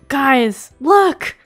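A young woman hosting a gaming channel, narrating her play live, excitable and quick to gasp and giggle. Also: high voice. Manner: excitable, gasping and giggling often. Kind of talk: live game commentary.

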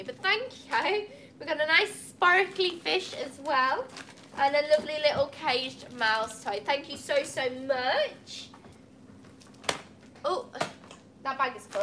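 A woman's voice: high-pitched, background noise. A woman opening gifts at a cat cafe, chatting casually and cooing at the cats. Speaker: cat cafe staff member.

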